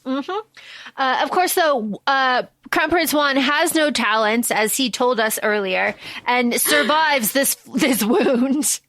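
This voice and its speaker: A woman's voice: sits high, takes it slowly, no echo. A woman co-hosting a podcast, recapping a film in casual chat and acting out the characters' quarrels with emphasis. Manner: expressive storyteller, voices the characters' arguments with emphasis. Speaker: podcast co-host.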